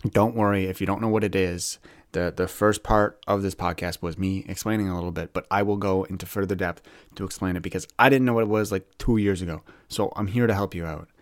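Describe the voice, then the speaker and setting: A young man from Canada talks alone into the mic for his podcast, rambling in a candid, searching way and often restarting his words. His voice sits low, and the sound is dry and close with no room around it. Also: fairly even intonation, a little fast, no room sound. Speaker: podcast host.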